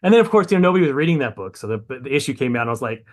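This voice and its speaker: A man's voice: medium pitch, big pitch swings, very fast. A man being interviewed on a podcast, rambling and self-mocking, swearing casually and restarting his sentences often. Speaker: comic book writer guest.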